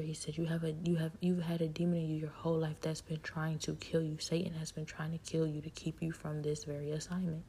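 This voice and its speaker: Low, flat-voiced woman, half-whispering. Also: slight background noise. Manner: intimate, halting, often drops to a whisper. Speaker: speaker sharing her story. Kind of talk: personal spiritual testimony.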